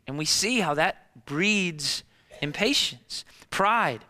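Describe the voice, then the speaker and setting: Bright-voiced preacher man in a reverberant hall. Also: a little high, expressive, slow pace. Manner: emphatic, repeats key phrases, asks rhetorical questions. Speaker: pastor. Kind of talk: sermon.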